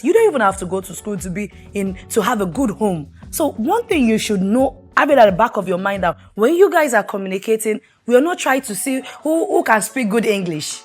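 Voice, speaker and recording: A woman's voice: medium pitch, sing-song, moderate pace, few pauses, faint music behind. A middle-aged woman, hosting a talk show and giving earnest, preachy marriage advice while putting questions to the listener.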